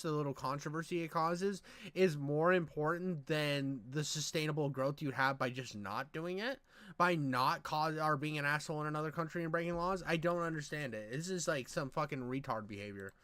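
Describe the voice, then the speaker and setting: A man's voice: fairly high pitch, normal speed, fairly bright tone, smooth, dry recording. A man doing casual reaction commentary, rambling, crude and exasperated. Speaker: reaction streamer.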